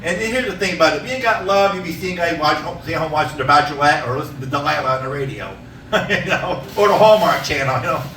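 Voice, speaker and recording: A man performing a stand-up comedy set in a small theater, telling stories loudly and laughing at his own jokes. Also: fairly high pitch, fast talker, slight background noise. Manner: loud, animated storytelling, laughing at own jokes. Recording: echoey room, mic from a distance.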